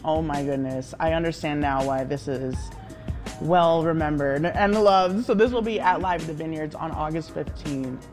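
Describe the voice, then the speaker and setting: A woman's voice: low-pitched, normal speed, over music. A woman hosting a food segment, reacting with enthusiasm as she tastes dishes. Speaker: host. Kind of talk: casual interview chat.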